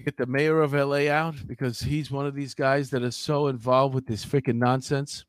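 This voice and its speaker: A man in his fifties co-hosting a casual talk show, telling rambling stories with lots of excitement. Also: medium pitch, normal speed, dry recording. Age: 50s. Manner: animated storyteller, rambling and excitable. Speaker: podcast co-host. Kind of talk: casual banter. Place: Los Angeles.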